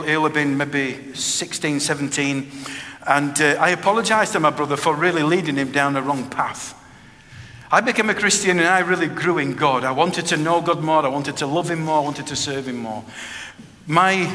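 A man's voice: on the high side, pushed and bright. A middle-aged man preaching a personal testimony sermon. He speaks earnestly and plainly, often repeating phrases. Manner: earnest, plain-spoken, with frequent repetition. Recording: reverberant hall with faint background noise.

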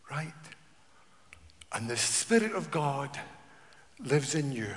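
Man preaching, fairly high voice, slow and emphatic, hushed then loud, reverberant church hall. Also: expressive. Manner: emphatic, rhetorical questions, swings from hushed to loud. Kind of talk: sermon.

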